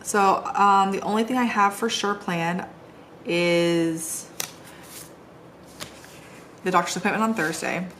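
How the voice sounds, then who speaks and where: A woman's voice: medium pitch, steady tone, slow, pauses often, fairly bright tone, a little hiss or hum. A middle-aged woman chatting casually and rambling while she decorates a planner at home, poking fun at herself. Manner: chatty, rambling, self-deprecating. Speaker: planner vlogger. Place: home, seated on the floor.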